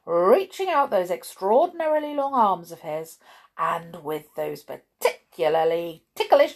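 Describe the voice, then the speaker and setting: A woman reading a children's storybook aloud in an expressive, sing-song way with small slips. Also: on the low side, creaky.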